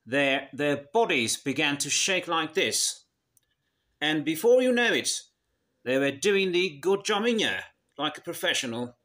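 A man delivers a satirical comedy monologue in a mock-serious tone, swinging between feigned emotion and calm. His pitch sits a little high and leaps around with lively range. He takes his time over every line. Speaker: comedy show host.

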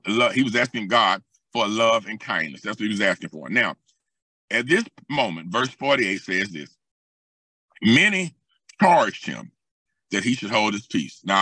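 A man preaching a sermon as pastor, with a Southern US accent, moving between calm scripture teaching with hesitant restarts and raised, emphatic passages. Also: fairly low pitch, no room sound. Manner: hesitant fillers and restarts while explaining scripture.

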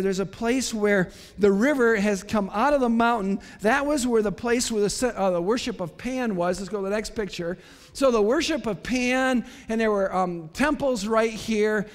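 A male pastor preaching a sermon, animated, moving between quiet asides and emphatic declarations. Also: high-pitched. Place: church sanctuary. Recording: long church hall reverb.

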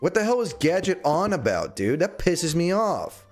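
A man's voice: on the high side, big pitch swings, normal speed, faint music behind. A young man chatting casually while streaming a game, rambling with jokey, sarcastic asides. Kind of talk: casual livestream chat while gaming.

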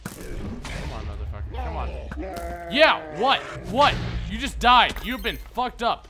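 Young male gamer, high voice, lively swings, profane trash talk, music underneath. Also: takes it slowly, a little hiss or hum. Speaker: gaming video host. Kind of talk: casual let's play commentary.

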